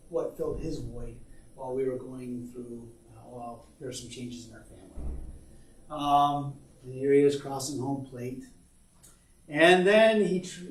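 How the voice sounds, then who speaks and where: A middle-aged man giving a workshop talk, telling family stories in a voice that drops quiet and then jumps to loud, excited bursts. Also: medium pitch. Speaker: workshop presenter. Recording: roomy echo, distant mic, faint background noise.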